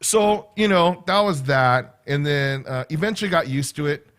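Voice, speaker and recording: At a moderate pace, a man with a slightly high voice and fairly bright tone chats on a casual livestream from a room at home. He rambles freely and keeps tagging his sentences with "right?"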